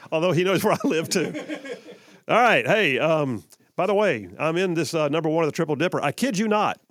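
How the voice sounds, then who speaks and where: A man's voice: fairly high pitch, expressive, brisk, a bit bright. A man hosting live talk radio from a studio, chatty and joking, often repeating himself. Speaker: radio talk show host. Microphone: studio microphone.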